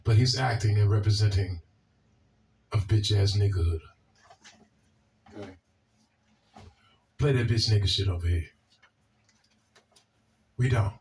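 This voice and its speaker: A man's voice: lowish voice, unhurried, pauses often, a little mellow, recorded from a distance, a little hiss or hum. A man with a Washington, D.C. accent hosting a video, answering viewer comments in a blunt, profane way and often repeating himself. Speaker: video host.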